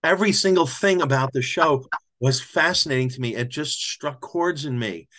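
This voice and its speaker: A man's voice: mid-range voice, moderate pace, fairly bright tone. An older man, an author, telling a heartfelt story in an interview, repeating and restarting as he gets choked up. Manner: reflective, emotional storyteller with frequent restarts. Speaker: author and podcast guest.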